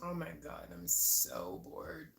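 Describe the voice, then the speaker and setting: A woman's voice: low-pitched, sing-song, slow, gravelly, echoey room, heavy background noise. A young woman chatting casually on a live stream, laughing often and swearing freely as she talks to viewers. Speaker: livestreamer. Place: at home.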